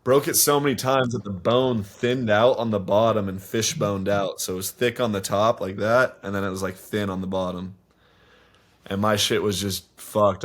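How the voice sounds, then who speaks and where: A man's voice: on the low side, a bit bright. Young man, swearing, rambling story. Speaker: guest. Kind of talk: casual podcast interview. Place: podcast studio.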